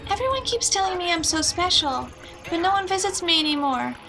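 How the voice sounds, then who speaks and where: Woman doing a scared little game girl, high squeaky voice, super hesitant. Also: big pitch swings, brisk, music in the background, full character voice. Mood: anxious. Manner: small, hesitant questions. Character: timid young girl, frightened and questioning.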